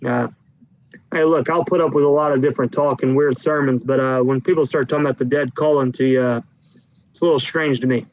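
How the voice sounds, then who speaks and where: A man voicing a loud, blustering, heavyset male official who talks crudely in a tabletop game. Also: medium pitch, steady tone, quick pace, dry recording, highs cut off, close to an everyday voice. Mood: grumbling. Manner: gruff, crude, talks loudly.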